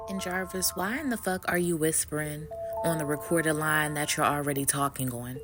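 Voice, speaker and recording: A woman's voice: low-pitched, moderate pace, music in the background. A woman giving casual true crime commentary, blunt and exasperated, firing off pointed questions.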